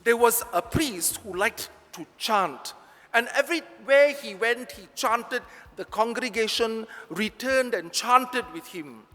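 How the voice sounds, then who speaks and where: A man's voice: extremely high pitch, expressive, slow pace, sharp tone, in a large hall. A priest with a Malaysian English accent, giving a chatty, joking homily straight to his congregation in a large church.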